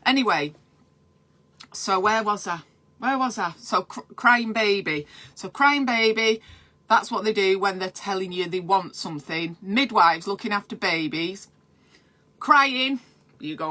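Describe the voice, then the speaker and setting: Bright-voiced chatty midwife. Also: female voice, medium pitch, lively intonation, measured pace. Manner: chatty and digressive, breaks off to read viewer comments. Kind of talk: live-streamed breastfeeding advice.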